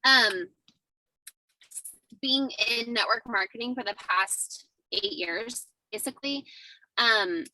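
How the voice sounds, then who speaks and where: A woman's voice: fairly high pitch, slow pace, long pauses, sharp tone, a little hiss or hum, low-quality recording. A woman chatting casually and candidly about sticking with her network marketing work. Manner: candid, casual, speaks with fillers like "um" and "like". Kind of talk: casual chat.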